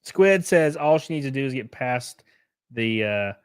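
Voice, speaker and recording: A man's voice: medium pitch, animated, unhurried, clear, resonant tone, dry recording, clean studio sound. A man hosting a casual livestream, reading chat and news aloud with sarcastic, swearing reactions, sounding worn out and short of breath. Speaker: streamer host.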